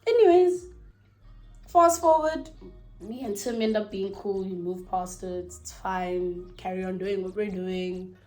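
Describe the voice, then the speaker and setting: A young South African woman telling a personal story at home in a chatty, animated way, swearing freely and losing her thread now and then. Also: mid-range voice, measured pace, faint music behind. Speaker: vlogger. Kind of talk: casual storytime.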